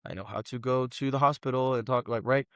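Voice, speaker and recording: A man, a guest telling animated, slangy stories on a casual podcast. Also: mid-range voice, a little fast, no room sound, lo-fi sound. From Los Angeles, USA. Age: 20s. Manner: animated storyteller, slangy, says "bro" often.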